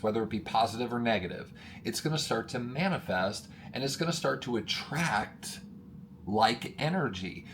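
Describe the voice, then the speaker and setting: A male motivational coach talks straight to camera, growing more energetic as he goes. His mid-pitched voice is emphatic; he calls his audience friends, pushes each point hard, and gets worked up. A faint hiss runs beneath the recording.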